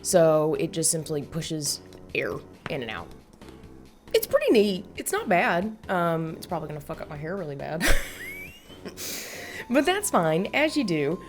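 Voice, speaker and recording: A woman's voice: deep voice, huge pitch swings, unhurried, pauses often, soft background music. A young woman chatting casually in a gaming vlog, blunt and sweary, laughing often. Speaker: gaming YouTuber.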